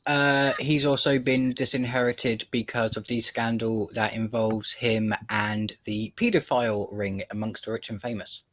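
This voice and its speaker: A man's voice: medium pitch, little pitch movement, a little slow, hardly any pauses, fairly bright tone. A man in a casual chat, teasing his friend with dry humor.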